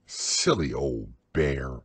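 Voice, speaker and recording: A man voicing a kind, patient young boy in a storybook reading, with a husky voice and calm, reassuring talk. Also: mid-range voice, unhurried, no room sound, exaggerated voice. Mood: fond.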